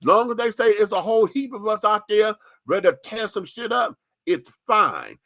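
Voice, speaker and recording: A man's voice: high voice, very animated, moderate pace, bright, forceful tone, dry recording. A man hosting a radio show, speaking in impassioned, profane, sassy commentary.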